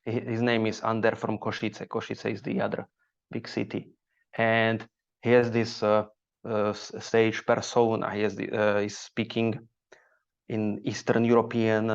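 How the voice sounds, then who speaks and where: A man with a Slovak accent talks in a halting, casual way, stopping often on fillers and restarts. His voice is gravelly and fairly flat in pitch. The recording is dull and lo-fi. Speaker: stand-up comedian guest. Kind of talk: casual podcast chat.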